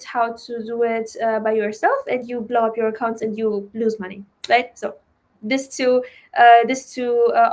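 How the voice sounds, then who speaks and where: A woman who speaks English as a non-native speaker, with a German accent and a slightly high voice, teaches trading on a live stream. She chats loosely, using many fillers and frequent "right?" tags.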